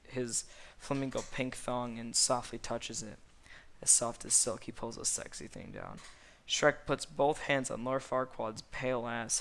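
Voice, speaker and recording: A man reading a comic story aloud in a deadpan way, stumbling over words now and then. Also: mid-range voice. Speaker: reader. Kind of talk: comic reading of fan fiction.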